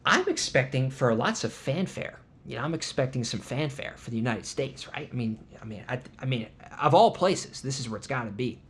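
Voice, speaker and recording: A man's voice: mid-range voice, brisk, few pauses, a little hiss or hum. Indignant man telling a travel story. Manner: animated indignant storytelling with sarcastic asides. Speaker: podcast host. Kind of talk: casual chat.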